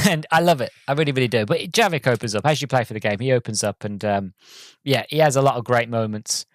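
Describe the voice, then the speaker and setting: A man's voice: mid-range voice, dry recording, clean studio sound. A man hosting a podcast, reviewing a game in a casual, rambling way full of ums and restarts, an enthusiastic fan. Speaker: podcast host.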